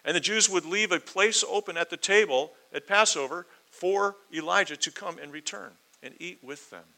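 A man's voice: sits high, normal speed, vocal fry, bright, forceful tone, poor audio. A man preaching a verse-by-verse sermon, earnest and emphatic, building intensity as he quotes and explains scripture.

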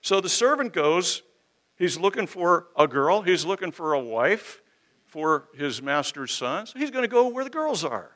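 Bright-voiced, emphatic male preacher. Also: sits high, big pitch swings, measured pace. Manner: emphatic, conversational preaching with rhetorical questions and folksy asides. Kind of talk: expository sermon.

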